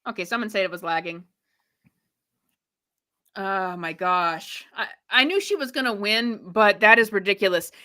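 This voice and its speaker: A woman's voice: medium pitch, lively intonation, quick pace, few pauses, sharp tone. A young adult woman hosting a live stream, giving opinionated reaction commentary in a rambling way with frequent restarts.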